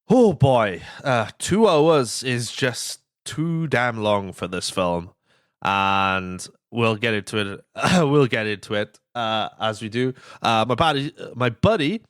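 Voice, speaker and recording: A young man hosts a film podcast with a lowish voice, rambling and stumbling over his words as he swears casually. The sound is dry and close, with no room around it. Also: a bit bright, clear, resonant tone, no echo. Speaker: podcast host.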